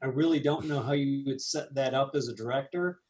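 A man co-hosting a casual movie review chat, animated and laughing, with quick asides. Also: medium pitch. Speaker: podcast co-host.

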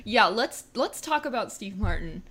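A woman co-hosting a casual movie-review chat, animated and giggly, often exclaiming. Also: medium pitch, moderate pace. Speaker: podcast co-host.

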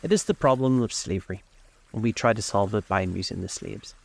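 A man's voice: lowish voice, a little fast, gravelly, slightly rough. A man voicing a witty, languid young aristocrat who talks in drawling epigrams.

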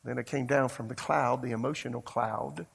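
A man's voice: medium pitch, fairly even intonation, normal speed, creaky, breathy edge. A man preaching a sermon, telling a story in a fervent, conversational way and speaking straight to the congregation. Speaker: pastor.

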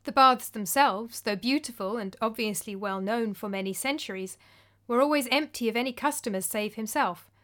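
Woman telling a story, calm and measured, voice on the higher side. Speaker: narrator. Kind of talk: storytelling narration.

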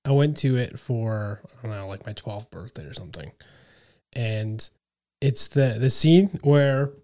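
A man's voice: mid-range voice, animated, measured pace, mellow. A man in a casual group chat telling a story animatedly, often breaking into giggles.

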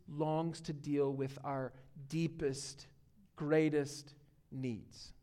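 A pastor preaching a sermon, earnest and emphatic, dropping to a hush for key points. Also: male voice, medium pitch, fairly even intonation, slow pace. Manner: earnest preaching, swinging between emphatic and hushed. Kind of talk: sermon on a Bible passage.

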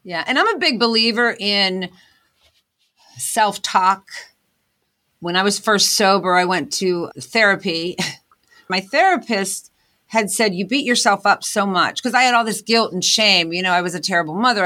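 A woman's voice: medium pitch, animated, moderate pace, pushed and bright. A woman guest in an interview, talking earnestly about her path as an inventor and motivational speaker. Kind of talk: candid interview talk.

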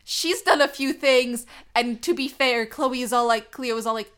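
A woman's voice: fairly high pitch, moderate pace, clean tone. A woman in a casual podcast chat, recapping a cartoon episode and acting out the characters' lines in little voices. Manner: animated, acts out quotes in little voices. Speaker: podcast co-host.

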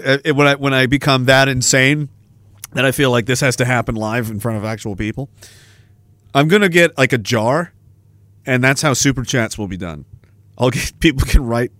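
A man's voice: medium pitch, fairly bright tone, no room sound. Joking, rambling male stream host. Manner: rambling, joking, laughs often. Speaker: podcast host reading viewer messages. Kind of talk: casual live-stream chat.

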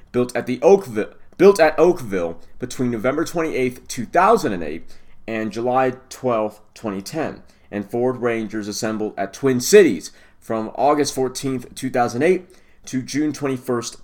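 A man's voice: animated, normal speed, a little mellow. A man hosting a car news show, reading headlines and recall details with casual asides and spelling rants, tripping over names now and then. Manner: stumbles over names and rants with rising pitch.

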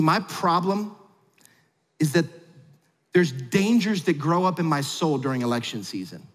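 A man preaching a sermon, telling a family story with jokes and big swings between quiet and loud. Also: slightly rough. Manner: animated storyteller with big swings in pitch and loudness; humorous asides. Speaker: pastor. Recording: long hall reverb.

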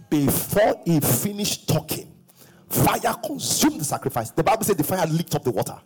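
A middle-aged pastor preaching a sermon, breaking into sung phrases and shouts and acting out quoted voices. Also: male voice, a little high, big pitch swings, normal speed, slightly rough.

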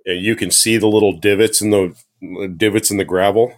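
A man chatting casually as a podcast guest, describing a fishing spot in a relaxed, matter-of-fact way. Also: fairly low pitch, brisk. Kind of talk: casual chat.

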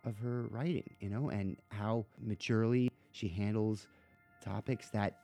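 A man's voice: fairly low pitch, fairly even intonation, measured pace, warm tone, faint music behind. A man hosting a podcast, chatting casually about a book and rambling through his points with lots of fillers and restarts. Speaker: podcast host.

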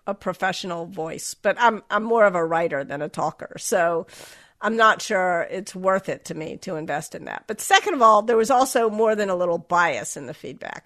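A middle-aged author from the Southern United States appears as an interview guest, speaking General American with her Southern accent dropped. Candid, reflective, and self-deprecating, she restarts often. Her voice is lowish, expressive, and a bit bright, at a normal speed.

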